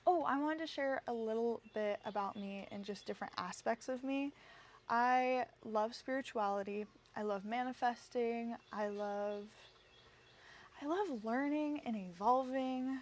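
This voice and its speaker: A bubbly young woman hosts her own podcast and rambles happily to her listeners. Her voice sits a little high, and her talk is loose and unscripted, full of fillers and asides. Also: measured pace. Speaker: podcast host. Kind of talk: casual solo podcast chat.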